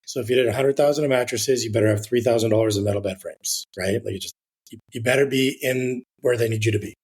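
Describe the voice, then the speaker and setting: A man's voice: medium pitch, fast, darkish tone, slightly rough. A man, a real estate agent guest on an interview podcast, telling a rambling anecdote in a casual way with the odd swear word.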